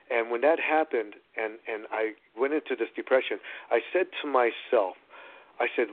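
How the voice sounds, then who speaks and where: A middle-aged man, an actor and producer, retelling his story in an animated, rambling way with many restarts. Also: mid-range voice, a little fast, no echo. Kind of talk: storytelling in a phone-in interview. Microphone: phone line. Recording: phone-line radio call-in.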